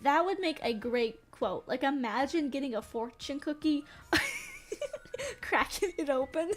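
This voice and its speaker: A woman's voice: high voice, expressive, unhurried. A young woman streamer chatting casually, rambling and giggling between her sentences. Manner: giggly, rambling, laughs often. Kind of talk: casual live-stream chat.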